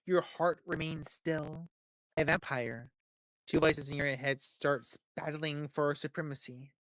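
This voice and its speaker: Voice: mid-range voice, fairly even intonation, unhurried, a bit bright, dry recording, rough recording. A game streamer reading a visual novel aloud, who often stumbles, repeats words, and drops in chatty asides.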